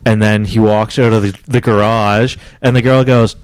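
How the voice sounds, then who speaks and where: A young man co-hosting a podcast, telling a long rambling story in casual chat, breaking into laughs and high squeaky voices for the people he quotes. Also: steady tone, moderate pace, clear, resonant tone, dry recording. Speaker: podcast co-host.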